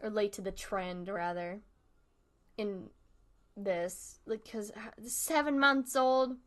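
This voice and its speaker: A young woman hosting a live stream, softly chatting and rambling in casual commentary as she watches a video, with small laughs, close to a desk mic at home. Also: mid-range voice, slow. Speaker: livestream host. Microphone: desk microphone close up.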